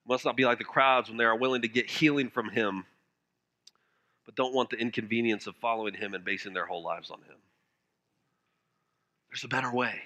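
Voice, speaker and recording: A man preaching a sermon with passion, now and then dropping his voice to a hush for emphasis. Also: brisk, long pauses. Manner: impassioned preaching, dropping to hushed low phrases for emphasis. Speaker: pastor.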